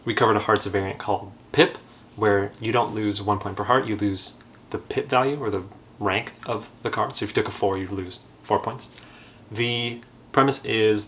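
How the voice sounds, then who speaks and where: Brief: young male host, lower voice, casual, self-deprecating card-game explainer. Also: fairly bright tone, a little hiss or hum. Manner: chatty, self-deprecating, laughs while telling. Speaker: board game channel host.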